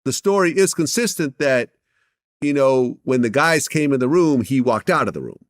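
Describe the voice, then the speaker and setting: A man giving a casual interview, telling a story and dropping his voice softly when he acts out quotes. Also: big pitch swings, normal speed. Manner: storytelling, drops his voice low and soft to act out quotes. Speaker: interview guest, actor.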